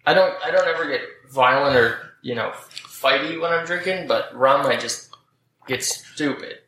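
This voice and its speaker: A man's voice: a little high, normal speed, sharp tone. Self-mocking man in an echoey room. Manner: loose, self-mocking storyteller. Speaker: podcast guest. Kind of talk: casual chat. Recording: roomy echo, faint noise.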